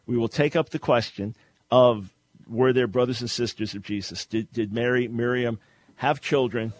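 A man's voice: moderate pace, over music. A man hosting a radio call-in debate, pressing his points emphatically. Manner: emphatic, rising pitch when pressing a point. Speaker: radio show host.

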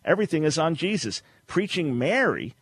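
A man's voice: sing-song, moderate pace, breathy edge. A man hosting a radio call-in debate, pressing his points emphatically. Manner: emphatic, rising pitch when pressing a point. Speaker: radio show host.

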